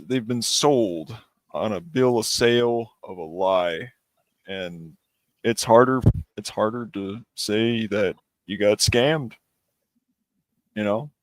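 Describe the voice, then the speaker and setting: A man joins a casual call-in chat, speaking in a slow, deliberate way. His voice is fairly low. It sounds dry and close. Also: dry recording. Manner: slow, deliberate, agreeable commentary.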